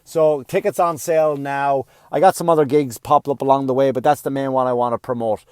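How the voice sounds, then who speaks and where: A male comedian hosting his own podcast, ranting loudly and profanely in a comic monologue. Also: mid-range voice, fairly even intonation, fairly quick, clean tone, no room sound, clean studio sound. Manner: loud, yelling, profane.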